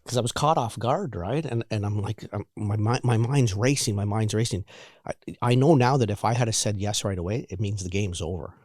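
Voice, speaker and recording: A man in his forties telling his own recovery story in a halting, candid way, often repeating words and restarting. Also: on the low side, a little mellow, no room sound, studio quality. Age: 40s. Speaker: guest sharing recovery story.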